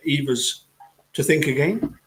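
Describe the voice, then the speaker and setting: A man's voice: on the high side, a little slow, a bit bright, rough recording. A man hosting a live online chat, asking questions with many hesitant restarts. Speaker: host. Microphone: video call.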